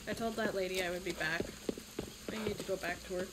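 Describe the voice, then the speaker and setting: A woman streaming a game, chatting in a bubbly, excitable, gushing way. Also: lowish voice, fast. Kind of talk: casual gameplay commentary. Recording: noisy with game audio.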